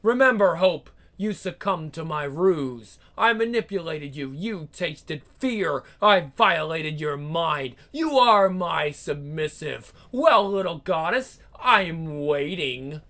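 A woman playing a cruel, seductive vampire queen, drawling every taunt slowly in a bright, tense voice. She gloats and menaces like a comic book villain read aloud, breaking into growls. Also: deep voice, animated, exaggerated voice. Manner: slow, taunting, theatrical delivery with growls.

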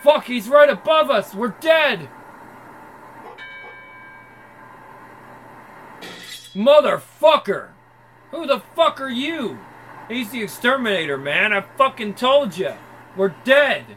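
A man voicing a crude, jeering young male street thug who shouts. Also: very high voice, big pitch swings, measured pace, a little hiss or hum, pitched above the performer's own voice, exaggerated voice. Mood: panicked.

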